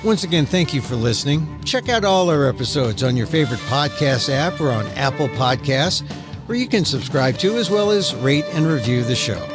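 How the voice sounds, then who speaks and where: A man hosting a podcast, reading a scripted outro in a steady announcing manner. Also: fairly high pitch, moderate pace. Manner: steady, read-aloud announcing. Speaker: podcast host. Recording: studio voice-over with music bed.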